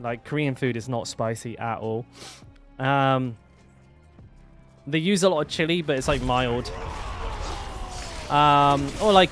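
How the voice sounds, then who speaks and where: A man's voice: medium pitch, fairly bright tone. A young man chatting casually while streaming a game, rambling with lots of fillers and restarts. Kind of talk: casual live-stream chat.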